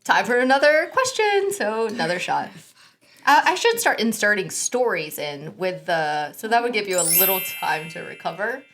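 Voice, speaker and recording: A woman's voice: on the low side, very animated, normal speed, fairly bright tone, a little hiss or hum. A woman interviewing her friend in a casual podcast chat, playful and teasing, with frequent laughs. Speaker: guest interviewer.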